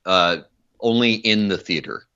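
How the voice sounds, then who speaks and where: A man's voice: lowish voice, measured pace, bright, forceful tone, clear, resonant tone, dull audio. A man co-hosting a casual film podcast, enthusiastic and rambling as he recalls scenes. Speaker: podcast co-host.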